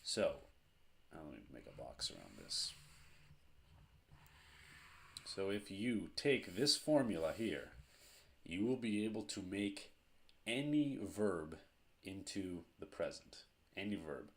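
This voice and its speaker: A man with a very low voice gives a grammar lesson at a board. He goes through each verb form slowly and deliberately, repeating as he writes. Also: big pitch swings, gravelly, fairly bright tone. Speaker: teacher.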